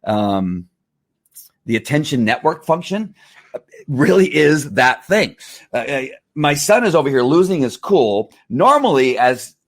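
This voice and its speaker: A middle-aged man talking casually to camera in a testimonial vlog, animated and full of restarts and fillers. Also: mid-range voice, measured pace. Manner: animated, acts out angry outbursts, many fillers and restarts. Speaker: vlogger selling wellness products.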